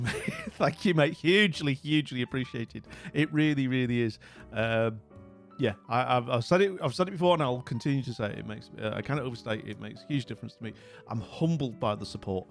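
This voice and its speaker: A man's voice: mid-range voice, brisk, soft background music. A middle-aged man hosting a livestream, chatting casually and jovially with viewers and rambling through lots of fillers. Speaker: livestream host. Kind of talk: casual chat with live viewers.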